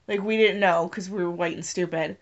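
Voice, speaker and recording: A woman's voice: fairly low pitch, fairly even intonation, fairly quick. A woman chatting casually in a sardonic way, swearing and often trailing off mid-thought. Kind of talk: casual political chat. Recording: dull lo-fi recording.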